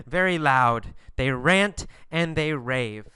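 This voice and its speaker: A man's voice: a little high, smooth, no room sound, studio quality. A man teaching an English lesson through questions and answers about a story, speaking emphatically. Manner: slow, emphatic teacher delivery with lively intonation.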